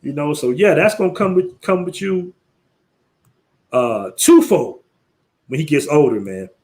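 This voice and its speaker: Speaking at a measured pace, this livestream host has a voice on the high side, animated and a little mellow. The American man keeps things casual, laughing a lot, using loose slang, sharing stories and reading out messages from viewers.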